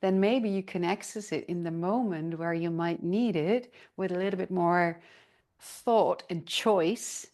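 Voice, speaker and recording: A woman's voice: on the low side, unhurried, a little mellow. A woman hosting a podcast, reflecting thoughtfully and affirming her guest's ideas. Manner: thoughtful, affirming, lots of agreement. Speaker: podcast host.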